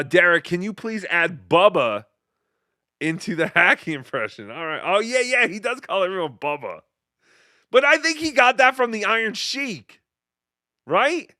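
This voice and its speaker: A male host chats casually through viewer messages, joking and dipping into quick impressions. His voice is fairly high and bright, with lively swings in pitch. It sounds dry and close to the mic. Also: dry recording. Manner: riffing, jokey, slips into silly impressions. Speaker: show host. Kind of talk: casual livestream chat, reading viewer messages.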